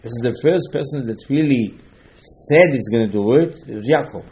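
A man teaching a religious lesson in slightly non-native English, emphatic and repetitive, with sharp swings between loud and quiet. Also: medium pitch, moderate pace, slight background noise. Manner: emphatic, repeats key points, swings between loud and soft. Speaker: rabbi giving a Torah lesson. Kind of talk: religious lecture.

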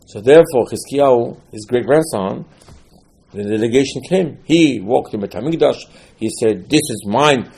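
A man's voice: mid-range voice, expressive, moderate pace, gravelly, mellow, slightly rough. A man giving a sermon on scripture, telling the stories with animation, acting out the quotes and repeating key words for emphasis. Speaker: religious teacher.

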